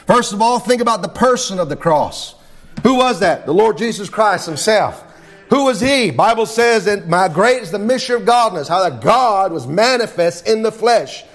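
Preacher, high-pitched man, sermon cadence with "Lord God" and "amen" refrains. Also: lively intonation, normal speed. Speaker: pastor. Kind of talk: sermon and prayer.

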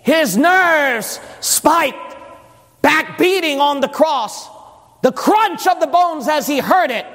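A male preacher delivering a dramatic sermon, swinging into shouting and sing-song stretches. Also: very high voice, lively intonation, slow. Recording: long hall reverb.

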